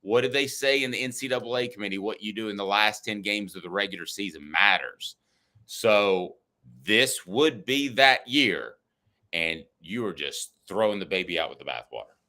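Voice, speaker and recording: A man's voice: fairly low pitch, animated, moderate pace, bright, forceful tone. A middle-aged man co-hosting a casual sports talk podcast, arguing and teasing his partner. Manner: argumentative, teasing. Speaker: podcast co-host.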